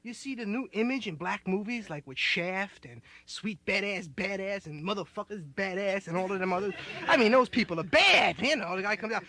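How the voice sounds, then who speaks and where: High-voiced, rambling young stand-up comic. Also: male voice, animated, brisk, few pauses, pushed and bright. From United States. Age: 20s. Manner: loose, rambling hipster slang, laughing as he talks. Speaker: stand-up comedian. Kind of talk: live stand-up comedy.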